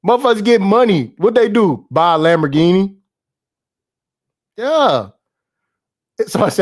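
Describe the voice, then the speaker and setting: High-voiced profane man ranting casually. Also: very animated, moderate pace, pauses often. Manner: profane, laughing, slangy, repeats himself. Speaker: podcast host. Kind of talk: casual livestream rant.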